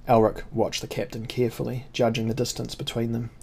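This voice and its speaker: A man narrates a fantasy novel in a steady, dramatic reading. His voice sits at an ordinary middle pitch for a man. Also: fairly quick, gravelly, few pauses. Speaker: audiobook narrator.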